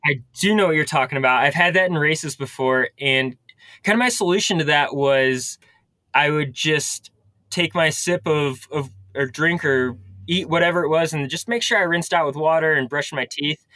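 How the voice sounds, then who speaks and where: A man's voice: on the high side, normal speed, bright, forceful tone, no room sound. A man in a casual chat, giving practical advice from his own racing experience.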